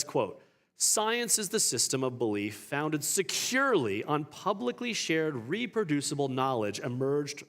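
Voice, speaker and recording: A man leads a church class on faith and science. He talks in a loose, conversational way, throws rhetorical questions at his listeners, and often restarts mid-sentence. His voice sits at an ordinary pitch for a man. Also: fairly bright tone. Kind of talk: apologetics class lecture.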